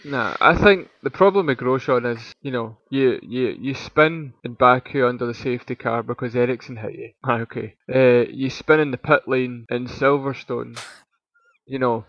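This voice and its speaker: A man co-hosting a podcast, talking in an animated, chatty way with frequent restarts. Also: medium pitch, moderate pace, no echo. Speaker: podcast co-host. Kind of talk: casual chat. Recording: dull lo-fi dry recording.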